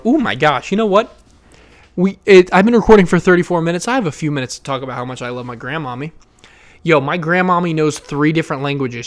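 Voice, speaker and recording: A young man hosting his own podcast, talking loudly and emotionally in a rambling way, with fillers and swearing. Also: fairly high pitch. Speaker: podcast host. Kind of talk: casual solo podcast monologue.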